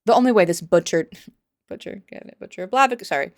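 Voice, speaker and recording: Sarcastic woman with a low voice. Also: animated, fast talker, dry recording, clean studio sound. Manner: sarcastic, incredulous. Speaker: commentary vlogger. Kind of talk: opinionated commentary.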